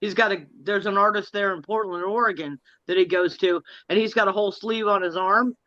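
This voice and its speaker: A man's voice: high voice, fairly even intonation, a little fast, sharp tone, dry recording. Middle-aged man, eager and laughing, casual chat, dry lo-fi recording. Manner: enthusiastic, laughs easily. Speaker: guest in a livestream chat. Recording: dry, dull lo-fi sound.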